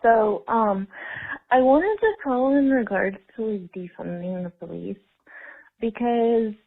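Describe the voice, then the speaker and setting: A woman's voice: on the high side, animated, slow pace, vocal fry, slightly rough. A woman calling in to a show by phone, hesitant and filling her speech with "like" and "um". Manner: hesitant, full of "like" and "um". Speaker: caller. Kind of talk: phone call-in. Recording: tinny phone line.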